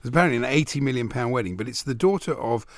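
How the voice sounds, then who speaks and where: A man's voice: mid-range voice, lively intonation, very fast, no echo, clean studio sound. A man co-hosting a sports radio show, amused and laughing, reading out odd news stories. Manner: amused, laughs often, reads out news items. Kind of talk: casual radio banter. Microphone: studio microphone.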